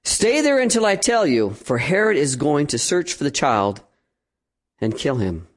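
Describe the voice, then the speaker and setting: A man preaching a sermon as pastor, telling a story with animated, acted-out quotes. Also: a little high, a little slow.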